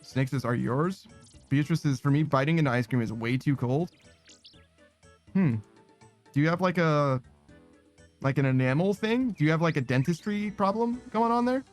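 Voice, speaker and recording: A man's voice: a little high, normal speed, pauses often, faint music behind. A man chatting casually while streaming a game, rambling, swearing and laughing at himself. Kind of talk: casual chat while gaming.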